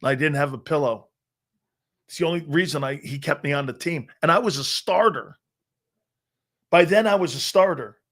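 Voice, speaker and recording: Male sports talk host in his fifties, brash and boastful, fairly high-pitched, restarts often and acts out quotes. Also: normal speed, pauses often, fairly bright tone. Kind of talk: casual sports talk storytelling.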